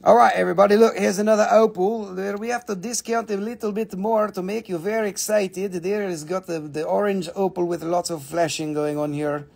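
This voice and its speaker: A man hosting a live gemstone sale, excitable and cursing freely, breaking into snatches of song. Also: high-pitched, brisk, creaky, hardly any pauses. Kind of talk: live shopping stream. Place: home shop.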